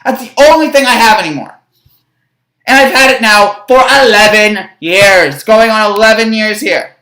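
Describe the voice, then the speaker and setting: A woman's voice: a little high, moderate pace, a bit bright. A young woman ranting as a sports fan vlogger, frustrated and rambling, with stammered restarts. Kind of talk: fan reaction rant. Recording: echoey room.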